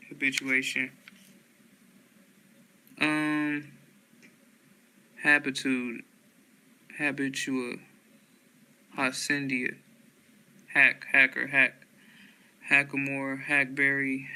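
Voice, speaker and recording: A man reading dictionary entries aloud, slowly and flatly, one word after another. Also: mid-range voice, poor audio. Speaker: dictionary reader.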